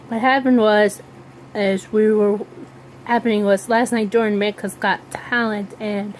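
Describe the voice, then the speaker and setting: Young woman vlogger, mid-pitched, slow and halting, casual chat, faint background noise. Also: low-quality recording. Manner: hesitant, many ums and restarts, slow drawl. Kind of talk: casual rambling vlog.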